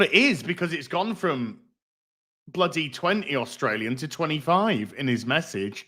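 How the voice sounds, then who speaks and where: Rambling, swearing streamer. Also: male voice, on the high side, expressive, measured pace, bright, forceful tone. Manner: rambling, swears freely, reads out donations. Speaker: livestream host. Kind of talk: casual livestream chat.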